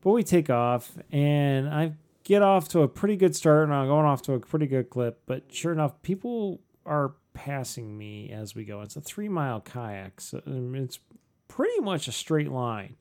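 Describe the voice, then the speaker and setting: A middle-aged man, co-host of a podcast, telling a story casually, animated and self-mocking, with frequent swearing. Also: mid-range voice, normal speed.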